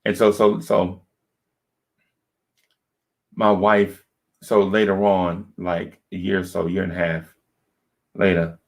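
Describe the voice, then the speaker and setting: A man with a low, gravelly voice telling a personal story on a podcast. He talks casually and keeps checking in with his listeners as he goes. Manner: conversational, checks in with "right?". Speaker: podcast co-host.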